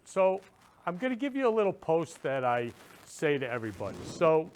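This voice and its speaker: A man's voice: fairly high pitch, sing-song, normal speed, a little mellow, a little hiss or hum. Effusive man hosting a livestream. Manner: effusive, repetitive, earnest. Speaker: show host. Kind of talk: casual talk to viewers.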